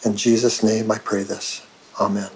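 Earnest, monotone man from Canada. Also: lowish voice, low-quality recording. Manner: earnest, halting. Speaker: caller. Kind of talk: phoned-in prayer request.

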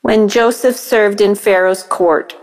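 A woman's voice: mid-range voice, fairly even intonation, slow pace, a little mellow. A woman caller telling a pun joke and thanking the show in a playful, self-deprecating way. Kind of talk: casual voicemail telling a joke.

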